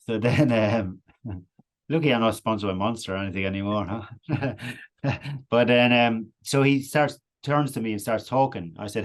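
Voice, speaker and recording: A man with an Irish accent spins a long, rambling anecdote, his voice sitting a little low. He talks casually and keeps breaking into laughter as he goes. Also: brisk. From Ireland. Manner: animated anecdotal, laughs often. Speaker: podcast guest. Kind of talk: casual storytelling.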